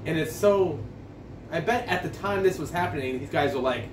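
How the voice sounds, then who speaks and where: A man's voice: on the high side, normal speed, noisy background. A man telling a rambling, stammering, profane story while reviewing a beer in a casual vlog. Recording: echoey room, distant from mic.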